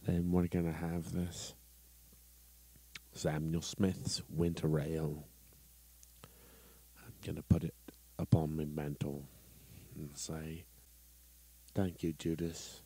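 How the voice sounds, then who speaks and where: A man appearing as a guest on a radio show, speaking in a dry, deadpan way. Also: extremely low pitch, slow pace, long pauses, breathy edge, no echo, low-quality recording.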